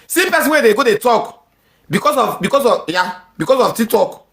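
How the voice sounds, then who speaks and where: A woman's voice: on the high side, very animated, fairly quick. A woman with a Nigerian accent ranting angrily in heated social media commentary. She repeats herself often and mixes pidgin with English.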